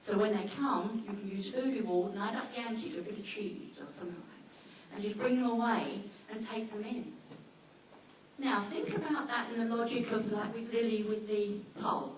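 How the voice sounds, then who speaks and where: A woman talking informally to a seminar audience about dogs, chatty and anecdotal, slipping into quick acted-out asides. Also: medium pitch. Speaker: dog behaviour trainer giving a seminar. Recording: echoey hall, mic far off, faint noise.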